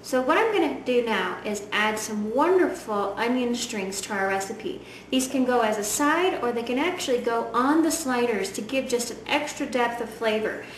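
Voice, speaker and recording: A woman's voice: a little high, expressive, moderate pace, hardly any pauses. A woman giving a chatty, enthusiastic cooking demonstration in a home kitchen. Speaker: home cook. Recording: echoey kitchen, voice from far off, loud frying noise.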